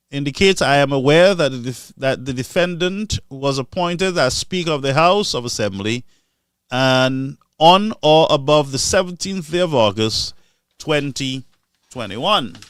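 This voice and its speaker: Man, fiery live-stream pundit, higher-pitched, dry close sound. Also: unhurried, smooth, dry recording. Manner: animated, mocking, swings between loud outbursts and low asides. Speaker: live-stream political commentator. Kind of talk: impassioned political commentary.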